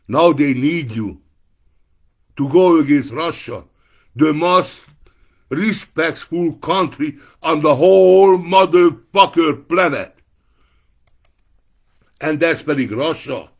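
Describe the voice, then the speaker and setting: A man giving an angry, profane political rant to camera, breaking into shouted outbursts. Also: on the high side.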